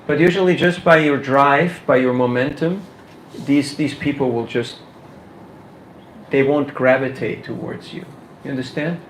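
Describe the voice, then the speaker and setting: A man giving a casual workshop talk on book distribution, animated and full of rhetorical questions, laughing now and then. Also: medium pitch, unhurried, roomy sound, a little hiss or hum, rough recording.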